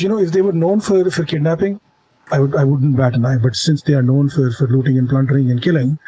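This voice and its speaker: A man at a tabletop game, speaking in a dark, mellow voice with a husky edge. He reasons things out earnestly, restarting his sentences as he goes. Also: medium pitch, no room sound, rough recording. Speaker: tabletop player. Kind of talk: in-character tabletop role-play.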